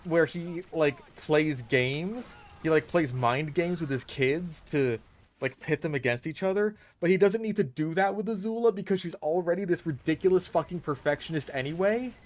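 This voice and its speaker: A man's voice: sits high, darkish tone. A man ranting in a voice-over over gameplay. He is exasperated and swears a lot, and often stops and restarts his sentences with "like". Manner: halting, restarts with lots of "like". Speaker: gaming YouTuber.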